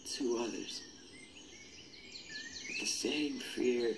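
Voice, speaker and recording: Man acting as a haunted young guy, quiet and clipped, mid-pitched, noisy outdoor recording with birds. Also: fairly even intonation, very slow. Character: young man haunted by vivid nightmares, grim. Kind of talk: amateur short film acting.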